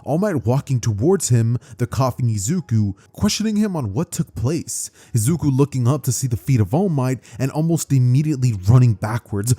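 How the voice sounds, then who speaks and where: A man's voice: mid-range voice, expressive, fairly quick, few pauses, warm tone, breathy edge. A man telling a fan-made story in a casual, rambling, conversational way, with plenty of fillers.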